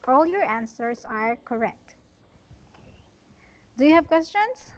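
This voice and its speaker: A woman teaching an English lesson one-on-one, patiently praising her student and modelling each sentence slowly. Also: high voice, lively intonation, dull audio. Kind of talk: online one-on-one language lesson.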